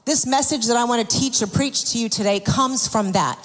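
A woman's voice: a little high, a little fast, fairly bright tone. A woman preaching a sermon, telling personal stories in an earnest, confessional way with frequent restarts. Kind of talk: sermon testimony. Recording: long hall reverb.

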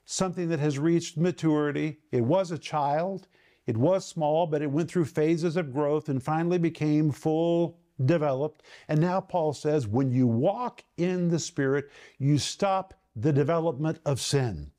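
A man hosting a televised Bible teaching, speaking emphatically and slowing down to stress key words. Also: a little high, dark tone. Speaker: Bible teacher and program host.

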